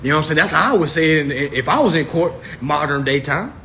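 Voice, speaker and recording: A man's voice: a little high, lively intonation, quick pace, bright, forceful tone, a little hiss or hum. A man hosting a casual livestream, talking straight to his viewers in a loose, swearing manner, recorded on a phone. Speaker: livestream host.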